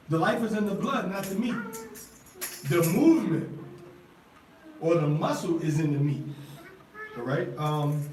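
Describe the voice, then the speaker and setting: A man teaching scripture in a Bible study, slow and deliberate, asking his listeners repeated questions and sounding out Hebrew words one by one. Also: high voice, darkish tone, a little hiss or hum. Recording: roomy sound from a distant mic with faint ambience.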